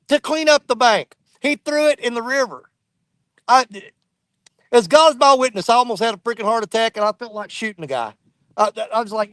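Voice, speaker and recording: A fishing host with a high voice talks from a riverbank. He is folksy and blunt, and quick to get irate. The sound is dry and close, with no room around it. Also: fairly bright tone, dry recording. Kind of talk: casual outdoor storytelling. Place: riverbank outdoors.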